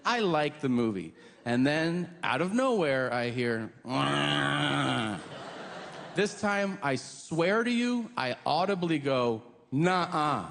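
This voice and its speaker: A man doing stand-up storytelling, profane and animated, slipping into voices for quotes, on a theater stage mic. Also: on the high side, measured pace. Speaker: stand-up comedian. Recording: roomy live theater with audience ambience.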